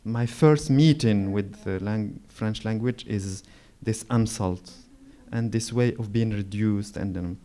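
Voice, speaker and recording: Slow-spoken man in his forties. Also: on the low side, warm tone. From Morocco. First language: Moroccan Arabic. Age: 40s. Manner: searching for words, frequent restarts and pauses. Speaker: author speaking at a literary event. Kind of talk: reflective storytelling on stage.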